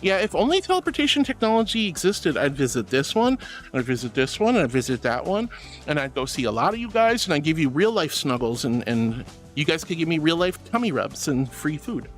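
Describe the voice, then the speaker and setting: Man, streamer, bubbly, affectionate, lively swooping pitch, faint background music. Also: fairly quick. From Florida. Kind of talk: casual chat reading messages.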